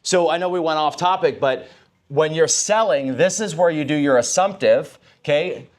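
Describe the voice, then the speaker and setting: A man's voice: a little high, normal speed. A man running a live sales training session, coaching his team, asking the room questions and acting out lines he would say to customers.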